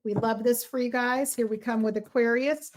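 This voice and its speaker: A woman's voice: fairly high pitch, fairly even intonation, moderate pace, slight background noise. A middle-aged woman giving a casual tarot reading on a livestream, chatty and effusive, speaking straight to her viewers. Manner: chatty, warm, effusive, talks to viewers directly.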